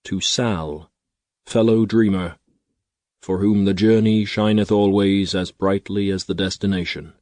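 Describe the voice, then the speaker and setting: Guy narrating a fantasy audiobook, deep-ish voice, steady and measured. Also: dry recording. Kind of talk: scripted narration.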